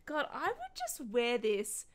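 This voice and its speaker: Young female content creator, a touch high-pitched, gushing and sweary, rambling unboxing chatter. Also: wildly swooping pitch, slow, a little hiss or hum. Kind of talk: casual unboxing vlog.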